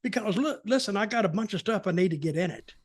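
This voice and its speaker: High-voiced American man, folksy and rambling. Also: animated, fast talker, dry recording, clean studio sound. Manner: folksy, rambling, repeats words. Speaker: podcast co-host. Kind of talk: casual storytelling chat.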